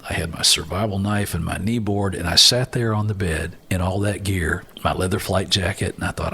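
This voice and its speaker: A man's voice: deep voice, fairly quick, gravelly, few pauses, husky. An older man, a former Marine aviator telling stories from his life as an interview guest, acting out the voices of other people. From Alabama, US. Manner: animated storyteller, acts out other voices. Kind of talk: storytelling interview.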